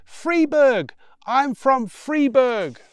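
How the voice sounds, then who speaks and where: A man voicing a jovial, weathered old steamroller driver who shouts slowly over engine noise. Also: very high-pitched, animated, clean tone, no room sound, voice pushed up, exaggerated voice. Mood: roaring, friendly.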